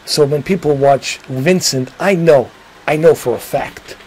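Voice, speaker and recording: A man's voice: fairly high pitch, unhurried, darkish tone, a little hiss or hum, low-quality recording. A man hosting a livestream, chatting casually and rambling to his viewers, swearing now and then. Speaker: livestream host.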